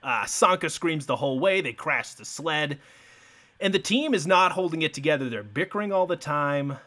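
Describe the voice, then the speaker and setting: Male podcast co-host, casual, laid-back, loose swearing, frequent laughs, slightly higher voice. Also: expressive, moderate pace, sharp tone. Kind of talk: casual movie recap chat.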